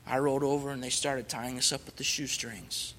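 A man's voice: mid-range voice, fairly even intonation, brisk, fairly bright tone, big-room sound, slight background noise. A man, a missionary, earnestly telling his personal testimony, swelling with fervor when he recites scripture.

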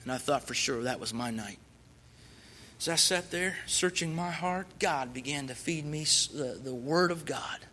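A man's voice: fairly high pitch, normal speed, sharp tone, big-room sound, a little hiss or hum. A man, a missionary, earnestly telling his personal testimony, swelling with fervor when he recites scripture.

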